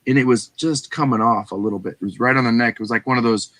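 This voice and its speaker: A middle-aged man with a Texan accent, casually telling a reselling story on a show, animated and acting out the people he quotes. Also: mid-range voice, fast talker, a little hiss or hum. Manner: animated, acts out quoted voices, swears casually. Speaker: guest reseller.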